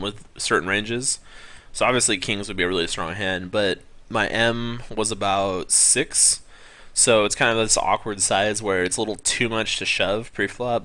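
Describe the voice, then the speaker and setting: A man's voice: lowish voice, pushed and bright. A young man giving casual live-stream commentary on poker, rambling with many ums and correcting himself as he goes. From California.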